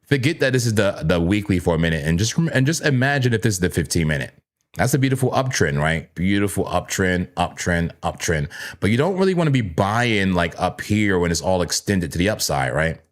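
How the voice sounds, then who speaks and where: Animated man hosting a live trading stream. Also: sits low, fairly quick. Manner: animated, jokey, talks to himself and yells playfully. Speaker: crypto trading livestream host. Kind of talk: live chart analysis chat. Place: home trading room full of screens.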